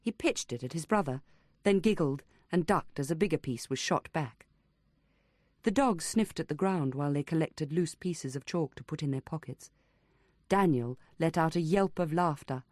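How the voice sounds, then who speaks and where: A woman reading an unabridged audiobook as narrator, in a measured, even storytelling manner. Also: low-pitched, no room sound, clean studio sound. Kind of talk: scripted narration.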